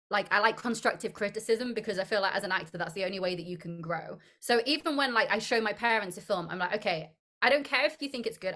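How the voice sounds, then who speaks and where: A young woman, an actor being interviewed, who chats in an upbeat, animated way and laughs often. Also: medium pitch. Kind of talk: casual interview chat.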